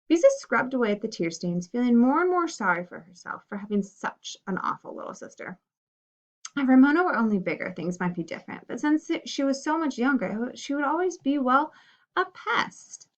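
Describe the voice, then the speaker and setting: A woman reading a children's story aloud in an expressive, animated way. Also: on the high side. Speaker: reader. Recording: dull lo-fi recording.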